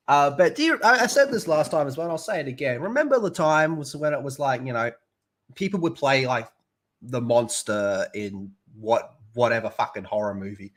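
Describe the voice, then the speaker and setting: A young Australian-accented man reviews a TV show on a live stream, chatting crudely, swearing a lot and laughing often. His voice is a little high and a bit bright, very animated, at a normal speed.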